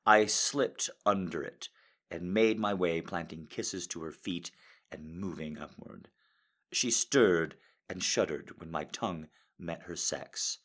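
A man reading a romance story aloud in a soft, intimate way, hesitant and full of fillers when he speaks off script. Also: low voice. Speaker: reader of fiction.

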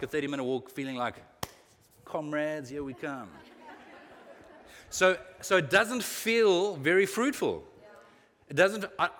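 A man preaching a sermon as a pastor, lively and animated, getting loud and quiet by turns. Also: on the high side. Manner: lively, animated preaching with sudden swings in loudness. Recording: long echo of a hall.

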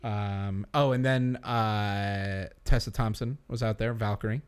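A man co-hosting a casual podcast chat, rambling and animated, laughing often. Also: fairly low pitch, measured pace, smooth. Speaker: podcast co-host.

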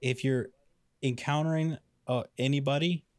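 A man's voice: mid-range voice, fairly even intonation, moderate pace, a little mellow, no room sound. A man with a mid-range voice heard up close in a dead, dry room. He co-hosts a comedy chat, piling up restarts as he drives his points home with emphasis. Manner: emphatic, rambling storyteller with restarts. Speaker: podcast co-host.

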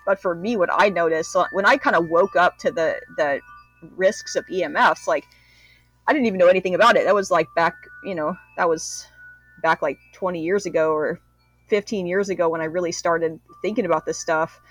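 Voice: medium pitch, fairly quick, fairly bright tone, faint music behind, low-quality recording. A forty-year-old guest in a casual podcast conversation, talking earnestly with many fillers and acting out past reactions. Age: 40s.

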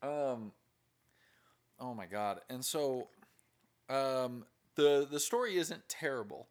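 A man's voice: mid-range voice, expressive, takes it slowly. Blunt, foul-mouthed man ranting about films. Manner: profane, blunt and critical. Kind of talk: casual movie chat.

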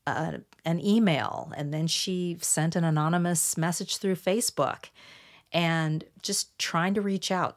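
A woman hosting a solo podcast, calmly walking listeners through a numbered list of points. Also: low voice. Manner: measured, explanatory, walks through numbered points. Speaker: podcast host.

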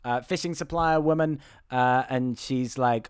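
A man recapping a film on a podcast, rambling and sarcastic, slipping into quick mocking impressions of the characters. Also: medium pitch, clean tone, dry recording, clean studio sound. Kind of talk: casual comedic chat.

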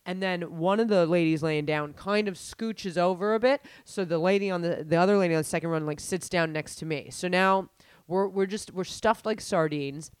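A young woman telling a story in casual chat, animated and profane, with lots of fillers. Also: fairly low pitch, normal speed, clean tone, dry recording.

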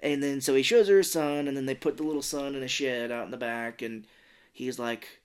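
A man's voice: medium pitch, fairly even intonation, brisk, smooth. A man in his thirties co-hosting a casual movie podcast, recapping scenes at length and acting out lines in silly voices. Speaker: podcast co-host. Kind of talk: casual movie-review chat.

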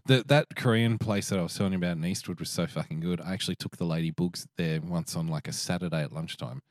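A man's voice: deep voice, fast, no room sound. An Australian man in his thirties, co-hosting a podcast, telling stories in profane casual chat with frequent laughs. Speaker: podcast co-host.

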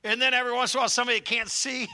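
Middle-aged pastor, bright high voice, jokey rambling sermon with asides. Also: male voice. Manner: joking, rambling asides, calls for congregation response.

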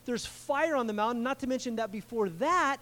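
A man preaching a sermon in an animated, conversational way, with frequent asides to the congregation. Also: extremely high pitch, fairly quick. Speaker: pastor.

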